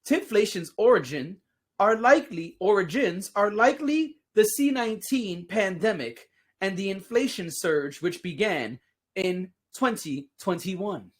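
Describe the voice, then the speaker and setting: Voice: mid-range voice, expressive, a little slow. Joking, laughing podcast host. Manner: playful, joking, sarcastic asides; laughs often while talking. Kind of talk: casual solo podcast talk.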